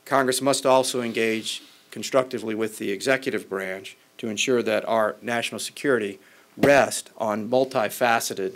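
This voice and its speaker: A man who is a member of Congress, giving a formal policy speech in a measured way with occasional restarts. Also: lowish voice.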